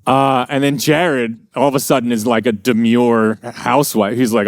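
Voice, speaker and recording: A man's voice: mid-range voice, brisk, hardly any pauses, no room sound, clean studio sound. A middle-aged American man telling profane, rambling anecdotes in a casual podcast chat. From USA. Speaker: podcast guest. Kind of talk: casual storytelling.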